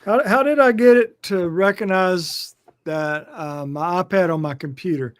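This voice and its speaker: A man in a class chat, hesitantly troubleshooting out loud. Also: high-pitched, unhurried, no room sound, studio quality.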